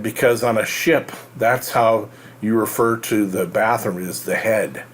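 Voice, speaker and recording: Man from the US, low voice, casual rambling monologue, lots of ums and restarts. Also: slight background noise. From United States. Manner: rambling, halting, many fillers and restarts. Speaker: real estate show host.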